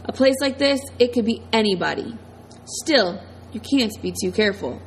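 A woman's voice: fairly high pitch, lively intonation, moderate pace, a little hiss or hum, rough recording. A woman reading the lines of a controlling ex-convict man turned preacher, in a commanding drawl with a mocking edge. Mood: menacing.

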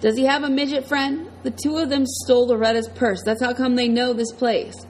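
A woman's voice: sits high, flat delivery, a little mellow, a little hiss or hum, voice pushed up. A woman reading a jittery bearded accomplice. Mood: nervous. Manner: fast, nervous and pleading.

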